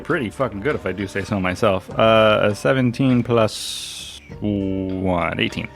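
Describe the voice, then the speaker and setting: A man's voice: on the low side, measured pace, vocal fry. A man playing a tabletop game, chatty, swearing and laughing often. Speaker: player. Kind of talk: tabletop role-play. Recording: dry podcast mic with music.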